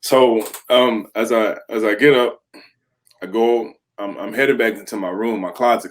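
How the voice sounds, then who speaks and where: Speaking a little slowly with a fairly low pitch, this interview guest, a thirties-aged ex-pro football player, recounts his story openly. He performs the quoted voices in it and laughs as he goes, telling it with real animation.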